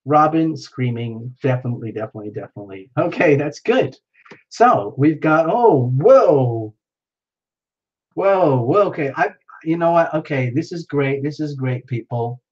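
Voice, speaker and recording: A man's voice: on the high side, animated, normal speed, lo-fi sound. A man hosting a casual livestream, chatting playfully with viewers and reacting to their comments. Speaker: livestream host.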